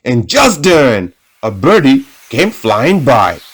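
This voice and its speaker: Slow, lively man reading a storybook. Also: mid-range voice, heavy background noise. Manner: sing-song, playful, drawn-out words. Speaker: storybook reader. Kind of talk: children's story read-aloud.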